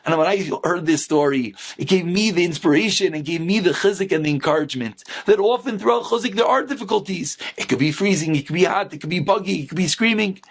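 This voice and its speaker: A man with a raised pitch and a gravelly, husky voice tells an inspirational story. He is animated and acts out each character. The delivery is lively. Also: quick pace, hardly any pauses. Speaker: rabbi.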